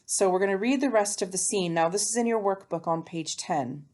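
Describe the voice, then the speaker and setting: A woman's voice: mid-range voice, brisk, darkish tone. A woman teaching a remote English lesson alone, chatty and self-mocking as she explains step by step. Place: alone, recording for students at home.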